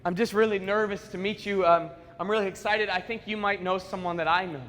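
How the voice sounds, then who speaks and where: A nervous teenage girl, put on by a man mid-story, speaking softly and haltingly with lots of ums. Her voice sits fairly high, with a bright edge. It rings with a long echo, as in a big school hall. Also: fairly even intonation. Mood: earnest, nervous. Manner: soft, hesitant, many ums.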